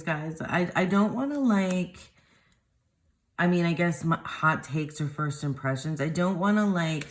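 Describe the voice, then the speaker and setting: A woman vlogger chatting casually as she unboxes tarot decks, rambling and cutting herself off mid-sentence. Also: low voice. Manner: rambling, self-interrupting, gushing.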